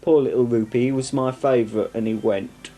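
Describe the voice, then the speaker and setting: Soft background music plays as a young man with a northern English accent talks about his collection indoors at home. It's a 1990s camcorder video recorded through the camera's mic on a tripod, and his medium-pitched, dark voice stays fairly even and brisk while he rambles cheerfully, self-deprecating and full of tangents.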